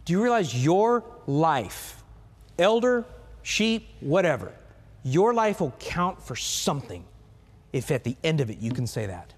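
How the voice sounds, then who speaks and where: A man preaching a sermon as pastor, animated and asking the congregation questions. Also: a little high, unhurried, slightly rough. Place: church sanctuary. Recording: long reverb of a church hall.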